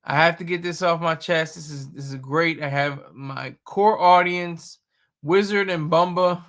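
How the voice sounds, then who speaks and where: Gravelly, bright-voiced man ranting casually. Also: fairly high pitch, a little slow. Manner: blunt, rambling, opinionated. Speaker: streamer host. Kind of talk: casual live-stream commentary.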